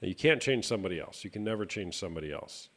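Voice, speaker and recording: A man hosting a live stream chat, speaking in a calm, reflective coaching tone. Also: low-pitched, racing. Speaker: host.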